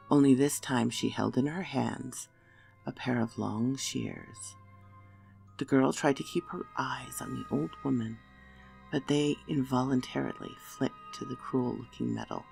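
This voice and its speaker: A woman narrating a dark fairy tale slowly and quietly, sometimes dropping to a whisper, over faint music. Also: rumbling low, vocal fry, slightly rough. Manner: slow, hushed, dropping to whispers. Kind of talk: scripted horror story narration.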